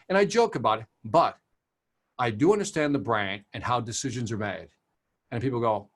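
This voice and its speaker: A man's voice: medium pitch, fairly quick, husky. A man working as a sales trainer, answering questions in a webinar over a video call and acting out quoted people as he tells stories. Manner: animated storyteller, acts out quotes.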